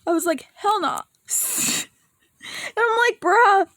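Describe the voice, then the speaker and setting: A woman vlogger with a very high, lively voice speaks slowly with a fairly bright tone, recorded dry. She rambles through an emotional, casual rant, cursing offhandedly and breaking into laughs and moments close to tears.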